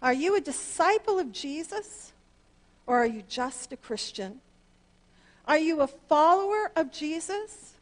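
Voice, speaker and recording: A woman pastor, preaching earnestly through a personal story, her voice leaping up on key words. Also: unhurried. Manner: earnest and animated, pitch leaps up on emphasis. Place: church sanctuary.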